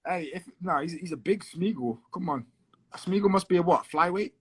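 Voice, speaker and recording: A man with a Liverpool accent, a guest fighter in a casual podcast chat, talking quickly and repeating himself as he works through his points. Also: high-pitched, husky. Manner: quick, repetitive, chatty.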